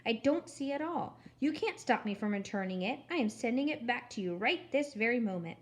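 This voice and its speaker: A woman voicing a stern, prim older woman who hates frivolity, in crisp, clipped, indignant tones. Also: a little high, expressive, a little fast, lightly acted.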